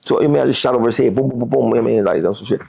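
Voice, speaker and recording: A man's voice: medium pitch, very fast, vocal fry, warm tone, husky. A man, a guest on a podcast interview, talking heatedly and profanely and repeating words as he gets worked up.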